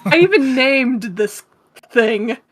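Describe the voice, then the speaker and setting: A woman's voice: high voice, expressive, takes it slowly. A woman co-hosting a casual gaming podcast, giggling often as she explains things. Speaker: podcast co-host. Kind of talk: casual chat.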